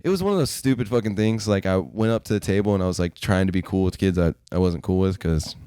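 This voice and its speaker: Low, dark-voiced man telling stories. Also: fast talker, smooth, no echo, clean studio sound. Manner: rambling, heavy swearing, many fillers. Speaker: podcast host. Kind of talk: casual storytelling.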